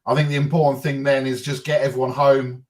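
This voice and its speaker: A man's voice: medium pitch, little pitch movement, fast talker, darkish tone. Man mulling things over in football chat. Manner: hesitant, thinking aloud. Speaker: co-host.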